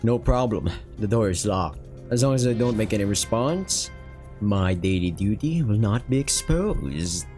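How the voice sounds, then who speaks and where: A man voicing a scheming teenage boy in a low, muttering inner monologue while reading a manga aloud. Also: animated, measured pace, darkish tone, soft background music. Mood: smug.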